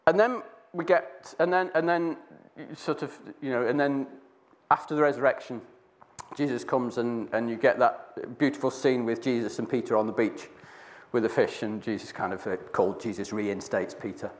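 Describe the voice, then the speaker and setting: In a steady, medium-pitched tone and at moderate speed, a man talks casually through a Bible story as part of a reflection. He keeps restarting and rambling, voicing the quoted speakers as he goes.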